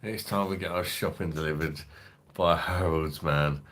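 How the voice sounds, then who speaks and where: Deep-voiced crude London man chatting. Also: fairly even intonation, moderate pace, fairly bright tone, a little hiss or hum. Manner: crude, rambling and joking, swears freely. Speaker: host of a beer review livestream. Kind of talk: casual livestream chat reading viewer comments.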